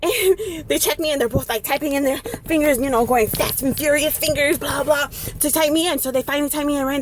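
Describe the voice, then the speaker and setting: A woman telling a story in an animated vlog style, switching into phrases and acting out the people in it. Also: high voice, fairly quick. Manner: dramatic, mixes in Spanish phrases, acts out others. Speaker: vlogger. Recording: faint background noise.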